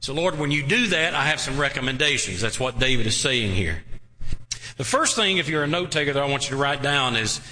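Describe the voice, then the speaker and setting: A man's voice: a little high, pushed and bright. A male pastor preaching a sermon to his church, drawing out words and asking the congregation questions. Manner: emphatic, drawn-out preaching with rhetorical questions. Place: church sanctuary. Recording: reverberant church hall.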